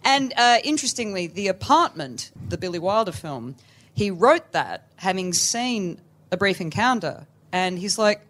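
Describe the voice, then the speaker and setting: A woman on stage at a live podcast recording, telling a film story with real animation. She talks in a middle pitch and slips into clipped, old-fashioned voices to act out the characters' lines. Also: animated, normal speed, a bit bright, slight background noise. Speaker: podcast guest.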